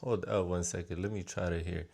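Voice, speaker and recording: A man's voice: low voice, steady tone, fairly quick, gravelly, a little mellow. A man casually reacting to a video, interjecting with exclamations.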